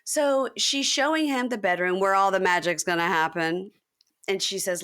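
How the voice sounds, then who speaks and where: A woman's voice: mid-range voice, normal speed, fairly bright tone. A woman hosting a podcast, chatting casually and animatedly as she recaps a reality TV episode and acts out what people said. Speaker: podcast host.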